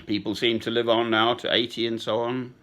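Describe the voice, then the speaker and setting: A man in his sixties talking in a slow, sentimental, rambling personal monologue with chuckles. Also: medium pitch, level tone, fairly bright tone. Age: 60s. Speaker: speaker addressing a woman.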